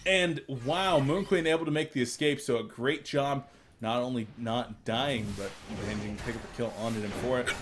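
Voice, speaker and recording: Background noise accompanies this esports caster, a young man with hiccups working alone from a room in his mother's home. His mid-range voice moves at a moderate pace, chatty and self-deprecating, with bursts of excitement during plays.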